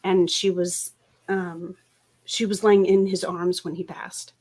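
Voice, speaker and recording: On her casual craft livestream, this middle-aged host speaks slowly in a lowish, somewhat mellow voice that barely shifts in pitch. She chats through stories, laughing often and restarting many times.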